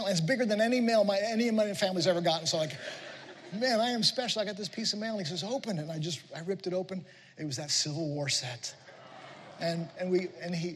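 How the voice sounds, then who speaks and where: A man preaching a sermon in a church, telling lively stories and acting out voices. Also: high voice, breathy edge. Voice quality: animated storytelling with playful voices. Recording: echoey hall.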